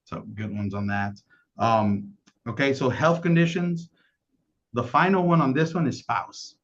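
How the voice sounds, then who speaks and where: A man leading a casual sales training call, energetic and asking "right?" again and again. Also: mid-range voice, measured pace. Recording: dull lo-fi call audio.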